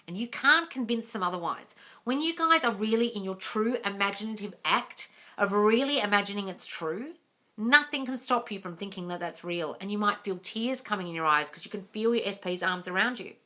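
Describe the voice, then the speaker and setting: A woman with a medium-pitched, expressive voice talks fairly quickly in a sharp tone. She's a manifesting coach taking viewer questions in a live Q&A, speaking directly and calling her audience darling and guys. It's picked up by a phone on a livestream.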